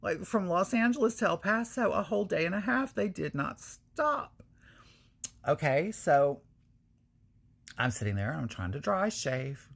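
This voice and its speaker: A woman hosting her own channel, telling a candid personal story to viewers in casual, animated talk with frequent swearing. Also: on the low side, unhurried, vocal fry, slightly rough. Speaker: channel host.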